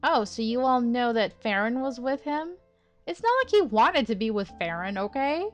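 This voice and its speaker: Young woman doing a lets play, chatty and exasperated, laughs a lot, quiet game music under her. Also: a little high, lively intonation, moderate pace. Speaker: let's play host. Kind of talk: casual game commentary. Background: faint game music.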